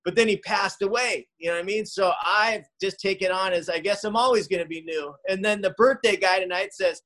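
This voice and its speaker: A middle-aged man at a recovery meeting shares his personal recovery story from his living room over a home call mic, with poor audio. His voice is a little high for a man, bright and forceful, and he speaks earnestly, stumbling, restarting and filling gaps with ums and you-knows.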